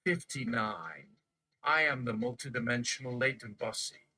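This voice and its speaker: A man's voice: medium pitch, moderate pace, pushed and bright, rough recording. A man on a live stream reciting numbered declarations one after another in a chanting manner. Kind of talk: slow counting recitation.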